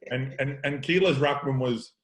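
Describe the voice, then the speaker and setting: Aussie bloke hosting a footy chat, middle-aged, telling yarns and doing everyone's lines. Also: male voice, medium pitch, normal speed, low-quality recording. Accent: Australian. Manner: yarn-spinning, acts out quoted lines. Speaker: podcast host, football coach. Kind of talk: casual storytelling chat.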